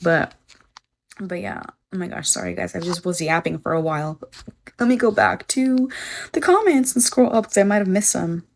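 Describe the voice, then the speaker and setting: A woman's voice: on the low side, moderate pace, vocal fry, a little mellow. A young woman chatting casually on a phone livestream, rambling on tangents, swearing freely and reading viewer comments aloud.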